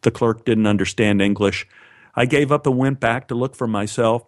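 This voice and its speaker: A man tells a personal story in a lively, animated way and shifts his voice up for the lines he quotes. The recording is dry and close, and his pitch sits in the middle. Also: moderate pace, no room sound.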